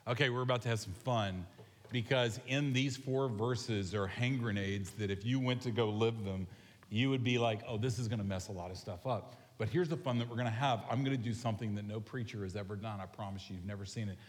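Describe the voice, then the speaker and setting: A man preaching a sermon to his congregation in a relaxed, animated way, often asking the people questions. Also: lowish voice, fairly quick. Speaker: pastor. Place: large church sanctuary. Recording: long reverb of a large hall.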